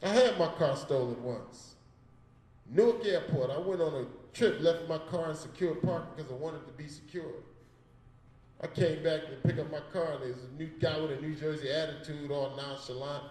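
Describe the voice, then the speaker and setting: A man's voice: fairly high pitch, normal speed, a little mellow, reverberant, far from the mic, low-quality recording. A man doing a stand-up comedy set in a gallery, telling stories on a handheld mic in a loose, profane way and voicing the people in them. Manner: storytelling with voiced characters, profane and laid-back. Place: comedy show in an art gallery.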